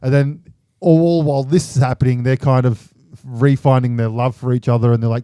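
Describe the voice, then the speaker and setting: A podcast host in casual chat, retelling films in a rambling way full of fillers. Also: male voice, medium pitch, steady tone, fairly quick, warm tone, smooth, no room sound.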